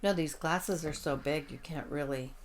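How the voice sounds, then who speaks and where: A woman co-hosting a casual podcast chat, excitable and rambling, swearing freely as she tells stories. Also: low-pitched, normal speed, a little hiss or hum. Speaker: podcast co-host.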